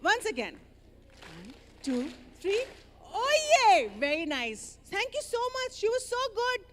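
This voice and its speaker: A woman leading children through an interactive story, animated and coaxing as she gives playful directions. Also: very high-pitched, measured pace, long reverb tail, a little hiss or hum.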